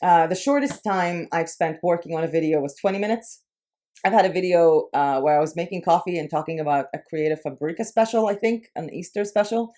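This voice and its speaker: A woman's voice: on the low side, fairly quick, warm tone. A young woman from Israel speaking English with a light, Americanized Israeli accent, chatting casually in a personal vlog with frequent filler words. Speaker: YouTube creator.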